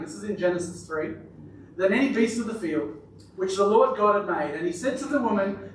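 A man's voice: high voice, fast, a little hiss or hum. A man preaching a chatty, joking sermon in church, drawing responses from the congregation. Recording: echoey church from far off.

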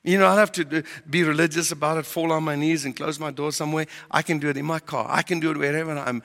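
A man's voice: a little high, fairly even intonation, fast, gravelly, hardly any pauses, fairly bright tone. Pastor man preaching in a big hall. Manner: preaching with emphatic rhetorical questions. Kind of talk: sermon.

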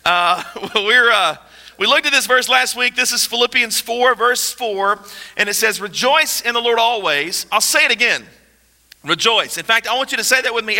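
A man preaching a sermon as pastor, energetic and joking with his congregation. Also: high voice. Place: large church hall. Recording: reverberant hall.

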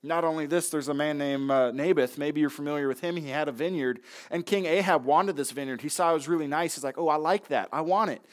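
A man's voice: a little high, fast, hardly any pauses. A man preaching a sermon in a conversational way, acting out the voices of people in the story. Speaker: pastor.

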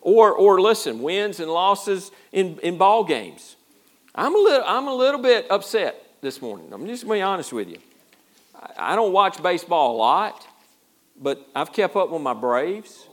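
A man's voice: high-pitched, sing-song, moderate pace. A man preaching a sermon as pastor, in a folksy, self-deprecating way with a lot of repeated words. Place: church.

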